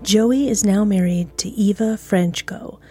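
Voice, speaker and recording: A woman's voice: mid-range voice, unhurried, warm tone, breathy edge, soft background music. A woman hosting a true-crime podcast, reading through events and adding frank, opinionated asides in a conversational way. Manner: conversational, opinionated, occasionally crude. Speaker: podcast host.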